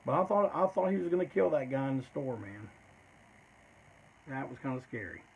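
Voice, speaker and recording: A man's voice: mid-range voice, lively intonation, a little fast, creaky, a little hiss or hum, rough recording. A man telling stories in a loose, rambling, profane way, often tacking "man" onto his sentences. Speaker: storyteller. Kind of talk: casual storytelling.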